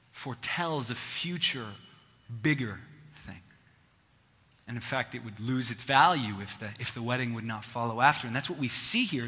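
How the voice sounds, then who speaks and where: A male pastor delivers a sermon in an easy, conversational teaching manner and repeats key lines for emphasis. His voice is bright and forceful with a husky grain. It rings out with long reverb, as if he is recorded in a large hall. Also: mid-range voice.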